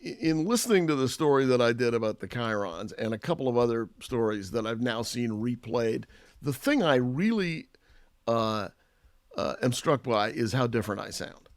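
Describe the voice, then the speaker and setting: Lively, gravelly-voiced male TV correspondent. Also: mid-range voice, normal speed, no echo, studio quality. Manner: lively, joking storyteller. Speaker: TV news correspondent. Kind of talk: casual chat among colleagues.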